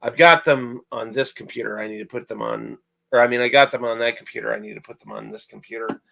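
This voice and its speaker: A man's voice: mid-range voice, fairly even intonation, quick pace, gravelly, pushed and bright, rough recording. A young man talking casually in a vlog about his writing and animation work, rambling and repeating himself with many fillers. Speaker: amateur animator and writer.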